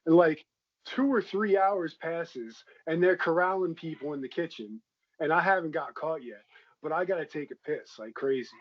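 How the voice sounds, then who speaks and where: A man's voice: fairly high pitch, moderate pace, no echo, dull audio. A man co-hosting a podcast in a casual, laid-back chat, swearing freely as he tells a story. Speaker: podcast co-host.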